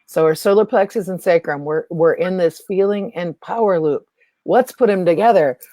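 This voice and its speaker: A woman's voice: lowish voice, moderate pace, mellow, no echo. Emphatic woman spiritual teacher. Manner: emphatic, repeats phrases for effect. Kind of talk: teaching talk.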